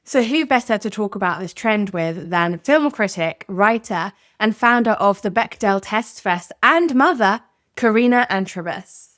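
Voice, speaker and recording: A woman's voice: medium pitch, animated, measured pace, a bit bright, no echo, studio quality. A woman hosting a podcast, narrating in a candid, conversational way. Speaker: podcast host. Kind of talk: scripted narration.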